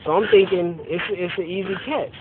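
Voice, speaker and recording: A young man, drunk, telling a rambling deadpan story to friends late at night, recorded on a phone outdoors. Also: high-pitched, a little fast, a crowd in the background. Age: young adult. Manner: rambling, deadpan, many "you know what I'm saying". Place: outdoors at night, near a car. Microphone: phone camera. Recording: tinny lo-fi phone video with hiss.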